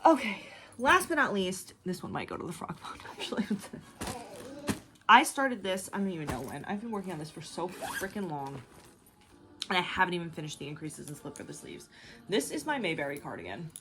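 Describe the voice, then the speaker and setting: A woman's voice: lowish voice, big pitch swings, a little fast, a bit bright, a little hiss or hum. A young woman hosting a knitting video, talking in a chatty, rambling way with lots of fillers. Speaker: knitting podcast host. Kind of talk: casual chat.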